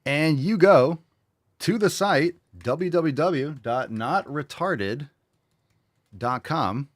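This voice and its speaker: A man hosting his own show, pitching merch in a brash, profane, mocking way. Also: animated, slow pace, no room sound. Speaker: show host. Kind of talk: casual merch pitch monologue.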